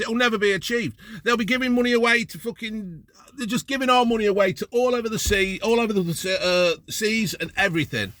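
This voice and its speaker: Man, high bright voice, blunt sweary rant, dry sound in a parked car. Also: no echo. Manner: blunt, heavy swearing, exasperated. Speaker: vlogger. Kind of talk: ranting to camera.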